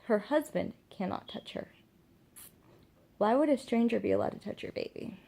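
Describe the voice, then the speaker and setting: A woman's voice: fairly high pitch, animated, normal speed, gravelly, warm tone, slightly rough. A young woman and mother talking to the camera in a casual vlog, earnest and emphatic, repeating her points for stress. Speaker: mother vlogging about parenting.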